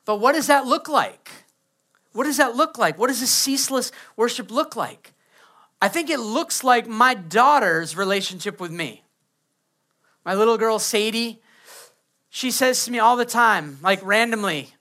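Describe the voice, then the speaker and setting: A man's voice: very high-pitched, expressive, unhurried, bright, forceful tone. A man, preaching a sermon as pastor and acting out quoted kids and prayers.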